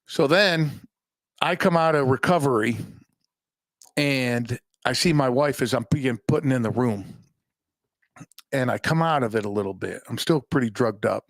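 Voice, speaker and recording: A man's voice: medium pitch, a little slow, pauses often, no echo, clean studio sound. A man hosting a podcast, telling a personal story in a rambling, profane, self-mocking way. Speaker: podcast host. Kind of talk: casual storytelling monologue. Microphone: podcast microphone.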